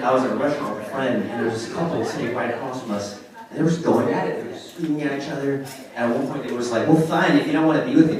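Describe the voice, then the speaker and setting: A man in his twenties from Oregon doing a casual stand-up comedy set, telling stories and slipping into quoted voices. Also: mid-range voice. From Oregon, USA. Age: 20s. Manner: casual, lively storytelling with put-on quoted voices. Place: comedy club stage. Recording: echoey club from far off, loud crowd. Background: audience laughter.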